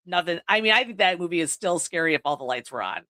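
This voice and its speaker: A woman's voice: fairly low pitch, animated, fast talker, pushed and bright. Casual, foul-mouthed woman podcast host. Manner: casual, swears freely, leans on "like". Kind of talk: casual horror movie review. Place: indoors, recording on video.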